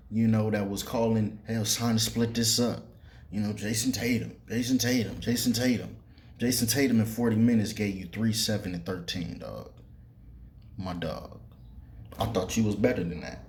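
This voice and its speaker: Male podcast host, lowish voice, loose profane sports rant, lots of fillers. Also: moderate pace, a little mellow. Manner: loose, profane, heavy fillers, talks straight to players. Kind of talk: casual sports commentary monologue.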